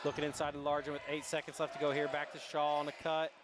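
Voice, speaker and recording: A man calling live basketball play by play, rattling off each pass and shot from a high school gymnasium. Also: completely flat delivery, background noise. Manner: rapid running calls of each pass. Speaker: play-by-play announcer. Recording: gym ambience and bouncing balls.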